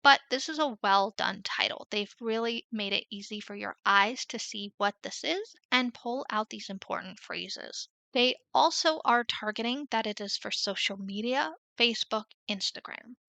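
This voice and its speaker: Woman, 30s, tutorial host; slightly high, bright, chatty and explanatory. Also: creaky, no room sound. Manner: chatty, explanatory, drawn-out emphasis. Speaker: Etsy selling coach. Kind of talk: screen-share tutorial.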